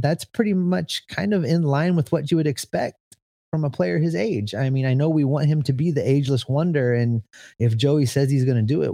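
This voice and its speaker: A man's voice: mid-range voice, mellow, no room sound. A man co-hosting a sports podcast, giving firm opinions with dry sarcasm. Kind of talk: casual sports talk.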